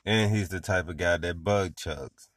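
A man in casual chat, laughing and cutting in with quick remarks. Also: sits low, a bit bright, no room sound. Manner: laughing, interjecting.

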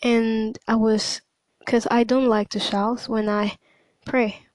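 Hesitant woman with a high-pitched voice. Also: level tone, slow pace, a little mellow, no room sound, poor audio. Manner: hesitant, many fillers and restarts. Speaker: podcast host. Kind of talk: casual spoken monologue.

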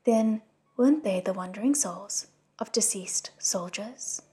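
A woman's voice: mid-range voice, unhurried, warm tone, husky. A woman voicing an earnest, kind young male crown prince in a storybook reading, solemn and admonishing.

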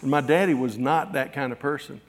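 A man's voice: mid-range voice, fairly even intonation. Man preaching in a reverberant church. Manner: storytelling, halting restarts, acts out quotes. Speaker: pastor. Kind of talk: sermon with personal stories. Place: church sanctuary. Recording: long reverb of a church hall.

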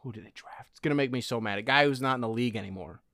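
A man co-hosting a podcast in casual sports chat, animated, with quick asides. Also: medium pitch, vocal fry, dry recording, clean studio sound. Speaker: podcast co-host.

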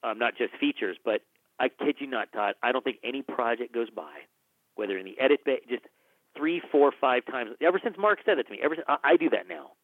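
Animated male storyteller on a phone-like line. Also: medium pitch, a little fast, no echo. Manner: animated storyteller who acts out quotes, many restarts. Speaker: film director and producer, guest. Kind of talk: conversational storytelling. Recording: dry, phone-like narrow band.

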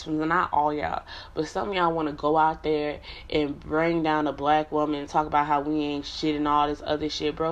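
Woman, low voice, blunt profane rant, confrontational, dull lo-fi phone audio. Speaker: app streamer. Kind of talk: ranting monologue to viewers.

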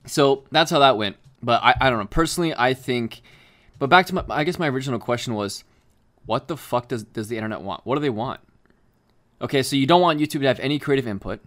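A man's voice: mid-range voice, lively intonation, fast, a bit bright. A young man, the podcast co-host, chatting casually, full of fillers and restarts and swearing often. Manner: rambling, profane, frequent fillers and restarts. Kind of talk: casual chat.

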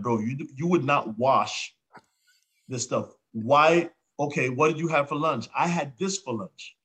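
A man's voice: mid-range voice, fairly bright tone, breathy edge. A man in casual podcast chat, retelling in an earnest, lecturing way a talk he had with his son. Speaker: podcast guest.

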